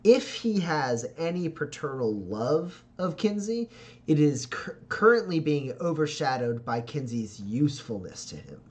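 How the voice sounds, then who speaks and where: Unhurried man running a tabletop game. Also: a little high. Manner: relaxed, descriptive, with filler pauses. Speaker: game master.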